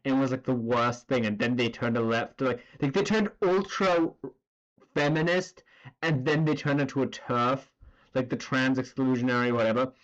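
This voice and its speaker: A man streaming while he draws, chatting in a loose, rambling way full of fillers and the occasional curse. His voice sits at an ordinary middle pitch. The recording sounds a little dull and lo-fi. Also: level tone, normal speed. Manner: rambling, filler-heavy, swearing. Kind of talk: casual chat while drawing.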